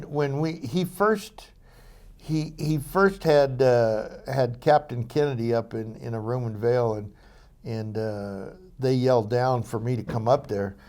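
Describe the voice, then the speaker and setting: A man's voice: mid-range voice, a little mellow. Older man telling rambling stories. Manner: rambling anecdotal, many fillers and restarts. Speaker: interview guest, former police officer. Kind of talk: storytelling interview.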